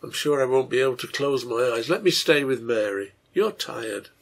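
A grieving father full of guilt, voiced by a man reading a storybook serial aloud. His gravelly, husky voice stays low and soft, pleading with quiet intensity. It is everyday storytelling, not a big character voice. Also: lively intonation, moderate pace. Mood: gentle. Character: grieving working-class father, guilt-ridden, tender.

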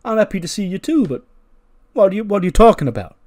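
A man voicing a domineering male wrestling champion who speaks in a measured, condescending way. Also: high voice, big pitch swings, darkish tone, voice pushed up. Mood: commanding. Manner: measured and condescending, with repeated "you know". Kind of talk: mock wrestling promo.

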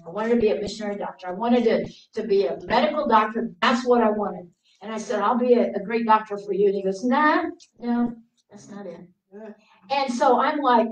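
A woman preacher giving a sermon full of personal stories, acting out her younger self in a raised, pleading voice and dropping to hushed tones for quiet moments. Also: medium pitch, moderate pace. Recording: roomy sound from a distant mic.

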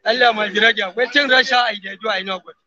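A man's voice: high voice, fast talker, pushed and bright, lo-fi sound. A man with a Nigerian Pidgin English accent giving an emphatic street interview, sprinkling his talk with oaths. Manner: emphatic pidgin English, swears wallahi often.

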